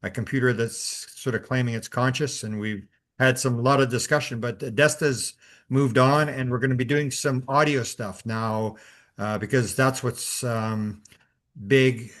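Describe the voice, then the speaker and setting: A man of middle pitch hosting a relaxed interview. He talks haltingly, with plenty of uhs and ums as he leads into questions. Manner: hesitant, many uh and um. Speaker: host. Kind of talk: casual interview chat.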